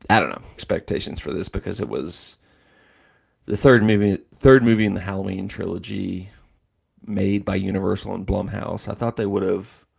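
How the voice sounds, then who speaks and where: A man hosts a casual livestream, rambling along with lots of fillers and restarts. His voice sits low and is deeply gravelly, with a dark, mellow tone. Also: normal speed. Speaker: host.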